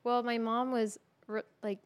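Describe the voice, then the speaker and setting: A woman co-hosting a casual podcast, telling a story in an animated way, swearing freely and laughing through it. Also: on the high side, a little slow, dry recording. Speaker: podcast co-host.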